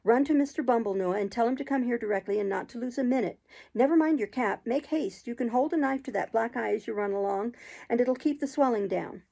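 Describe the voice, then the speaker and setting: A woman voicing a fretful, bossy undertaker's wife giving hurried orders, in a storybook reading. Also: fairly high pitch, gravelly, warm tone. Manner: fretful, commanding.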